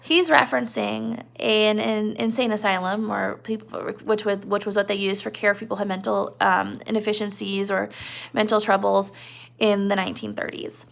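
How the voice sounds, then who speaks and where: Chatty woman teacher with a gravelly voice. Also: mid-range voice, little pitch movement, normal speed. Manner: chatty, filler-heavy explaining. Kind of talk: casual literature lesson.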